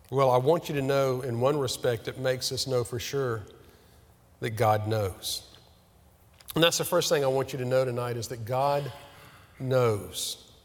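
A man preaching a sermon as pastor, earnest and questioning, slowing down on key words. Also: mid-range voice, in a large hall.

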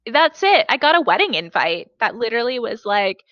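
A woman co-hosting a casual podcast chat, blunt and animated, swearing freely. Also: a little high, brisk, no echo, lo-fi sound. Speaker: podcast co-host. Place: foreigner living in Korea.

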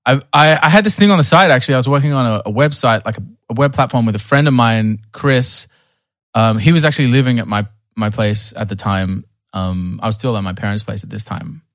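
A young man tells a long story in a relaxed conversation. He restarts his sentences and fills gaps with "like" and "um." His voice sits at a middle pitch and is recorded dry and close. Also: fairly quick, no echo. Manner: rambling, many restarts and fillers. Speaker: podcast guest.

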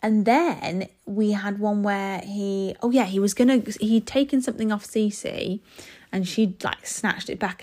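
A woman in her thirties talking to camera in a loose, rambling vlog style. Her pitch sits in an ordinary middle range for a woman. She piles on fillers and restarts as she chats away to her viewers. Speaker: parent vlogger. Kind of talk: casual chat to camera.

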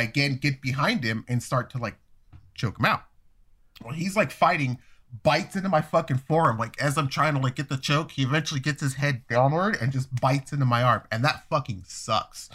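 A man in his thirties with a voice pitched in the middle range spins a profane story in a relaxed, conversational way. His delivery is animated, and he slips into the voices of the people he quotes. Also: husky. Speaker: storyteller guest. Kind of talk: casual storytelling.

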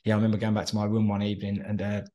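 A man talking casually in an interview, telling stories and slipping into quick impressions of other people. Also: fairly low pitch, completely flat delivery, dark tone. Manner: chatty storyteller, drops into quick impressions of others. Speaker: interview guest, former soldier turned entrepreneur. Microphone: phone call.

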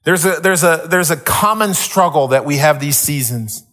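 A middle-aged male pastor delivers his sermon through lively, humorous personal stories. His voice sits a bit high and sounds bright and forceful, and he builds to excited exclamations as he tells them. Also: moderate pace, faint music behind. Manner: animated storytelling, rising into excited exclamations.

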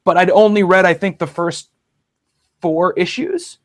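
A man's voice: sits high, sing-song, unhurried. Chatty man hosting a comics talk show. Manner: rambling, chatty, full of fillers and restarts. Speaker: podcast host. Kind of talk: casual chat about comics.

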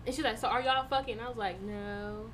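High bright-voiced woman telling a story. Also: brisk, slight background noise. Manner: animated storytelling, swearing, laughing often. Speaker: podcast co-host. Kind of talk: casual chat.

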